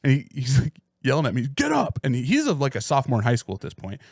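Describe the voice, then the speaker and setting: Rattling off rambling, profane stories, a man co-hosting a casual podcast talks rapid-fire in a medium-pitched, slightly mellow voice. The sound is clean studio audio with no room tone.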